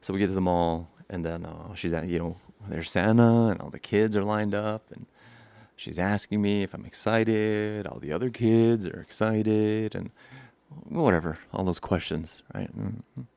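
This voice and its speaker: Young male vlogger, deep gravelly voice, dry close sound, animated rambling storyteller. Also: moderate pace, dry recording. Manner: rambling, animated, laughs often, acts out scenes. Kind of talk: casual storytelling to camera.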